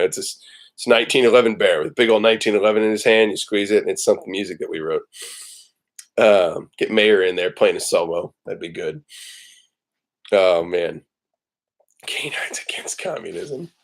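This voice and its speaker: A man hosting a casual morning livestream from home, rambling and joking with plenty of ums and uhs. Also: low voice. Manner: rambling and joking, with many fillers. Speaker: livestream host. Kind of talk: casual chat.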